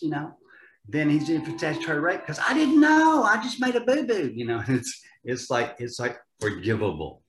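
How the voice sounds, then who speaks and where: An older man tells animated stories as a guest in a casual interview. He often stumbles and repeats words as he gets going. His voice sits at a middle pitch, and a roomy echo surrounds it. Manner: animated, repeats words when starting sentences. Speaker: actor guest.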